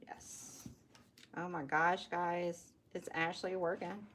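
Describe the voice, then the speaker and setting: A woman's voice: medium pitch, a little slow, a bit bright, a little hiss or hum. A woman hosting a casual live craft stream, chatting to viewers and laughing often. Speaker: craft livestream host.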